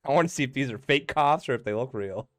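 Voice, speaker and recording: A man's voice: medium pitch, lively intonation, quick pace, a bit bright, no echo, studio quality. A man acting as game master, narrating a tabletop game in a laid-back way with lots of fillers and chuckles.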